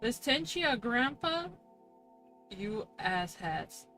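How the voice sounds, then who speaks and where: Girl streamer chatting to chat, swears a lot, slow drawl, kinda high voice. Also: very animated, loud music behind the voice. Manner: profane, laughing, talks to chat. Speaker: VTuber streamer. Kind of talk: casual game stream chat.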